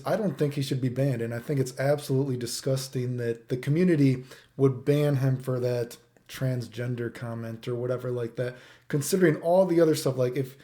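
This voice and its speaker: A man's voice: mid-range voice, warm tone. A man hosting his own channel, in a heated, profane rant that he keeps punctuating with "right?". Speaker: channel host. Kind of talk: ranting monologue.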